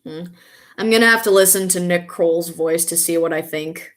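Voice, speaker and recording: Chatty excitable woman on a casual stream, reading chat and laughing a lot. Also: lowish voice, normal speed.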